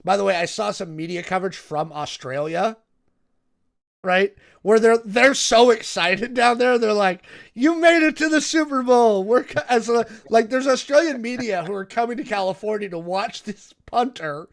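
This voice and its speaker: A man on a casual talk stream, with a voice a little higher than most men's. He tells his stories with energy and keeps checking in with "right?" as he talks. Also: moderate pace, creaky. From Seattle area, United States. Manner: animated storytelling, many fillers and "right?" tags. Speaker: co-host. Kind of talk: casual podcast chat.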